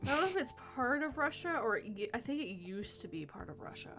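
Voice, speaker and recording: A woman's voice: a little high, big pitch swings, fast, a bit bright, soft background music. A woman hosting a casual livestream chat, giggly and punny, reading viewer messages aloud. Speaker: podcast host.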